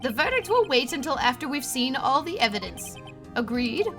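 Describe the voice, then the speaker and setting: Formal elderly judge, game lines read aloud by a woman, raised and a bit high. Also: sing-song, normal speed, over music. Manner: formal, pronouncing rulings. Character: elderly male court judge, fussy. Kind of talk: reading game dialogue aloud.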